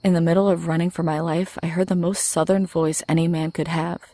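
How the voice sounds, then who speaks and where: A woman narrating a horror story in the first person, in a measured, low-key way. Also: little pitch movement, dark tone.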